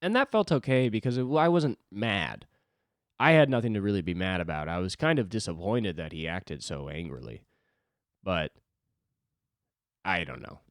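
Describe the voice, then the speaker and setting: A man's voice: deep voice, animated, normal speed, pauses often, no room sound, clean studio sound. A man, a stand-up comic and podcast host, rambling alone at a desk in a loose, self-deprecating way and swearing freely. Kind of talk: solo rambling podcast monologue.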